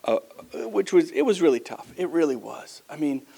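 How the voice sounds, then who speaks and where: A man speaking at an event, animated and joking, his fairly high voice leaping up in pitch. He talks to a breakfast crowd like an upbeat host warming them up. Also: normal speed, gravelly, husky. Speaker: guest speaker introducing a governor. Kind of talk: lively speech to a breakfast audience. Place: event room with audience.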